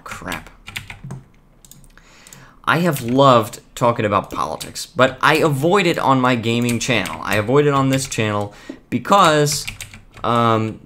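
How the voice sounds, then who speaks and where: A man's voice: mid-range voice, fairly bright tone, a little hiss or hum. Chatty man streaming a game. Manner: rambling with frequent restarts. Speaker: gaming streamer. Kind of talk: casual live-stream chat.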